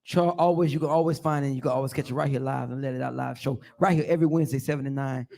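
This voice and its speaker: A man hosting a live radio show, talking fast and hyped up as he gives slangy shout-outs. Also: medium pitch, gravelly. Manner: excited, hype shout-outs in slangy talk.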